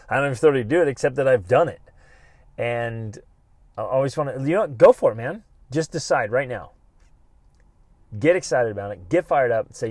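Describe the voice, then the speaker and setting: A middle-aged man hosting a podcast, giving an animated, emphatic motivational talk and acting out his own inner voice. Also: medium pitch, moderate pace, long pauses, no room sound. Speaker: podcast host.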